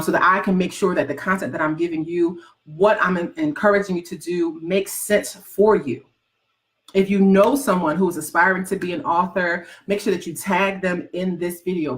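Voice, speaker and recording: A woman coaching aspiring authors in a motivational talk, animated and teasing, firing loud rhetorical questions at her viewers. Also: lowish voice. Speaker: writing and goals coach.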